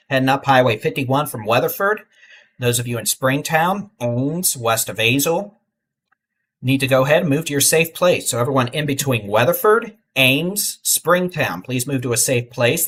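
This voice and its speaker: A middle-aged man with a drawl talks through live storm radar, easygoing and folksy. His voice sits at an ordinary pitch, and he turns urgent when he tells people to take shelter. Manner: relaxed, folksy, urgent warnings. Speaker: weather livestream host. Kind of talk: live severe weather commentary.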